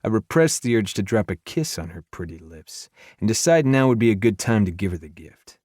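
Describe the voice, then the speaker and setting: Low, earnest male audiobook narrator. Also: big pitch swings, a little fast, a little mellow, no echo, clean studio sound. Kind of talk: first-person romance narration.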